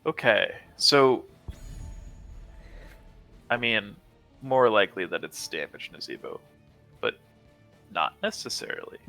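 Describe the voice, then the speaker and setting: A man casting a live video game match, sick and congested, calmly breaking down the picks. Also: lowish voice, slow pace, creaky, long pauses, faint music behind. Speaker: esports caster.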